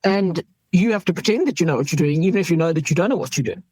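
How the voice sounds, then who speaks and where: A woman's voice: lowish voice, animated, rapid-fire, mellow, husky, dry recording, rough recording. Frank woman doctor. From South Africa. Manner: frank, acts out quoted voices. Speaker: emergency doctor. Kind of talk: candid interview talk.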